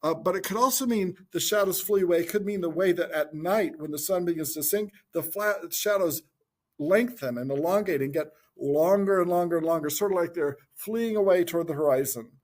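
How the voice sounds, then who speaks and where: A man giving an informal Bible teaching talk in a gentle, reflective way, thinking aloud as he goes. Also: high voice, a little fast.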